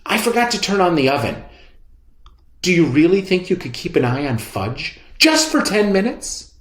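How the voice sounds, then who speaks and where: A man voicing a frazzled mother who talks in a flustered, hurried way. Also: mid-range voice, sing-song, pitched above the performer's own voice, lightly acted. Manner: breathless, flustered. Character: frazzled mother chasing her toddler. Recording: roomy echo.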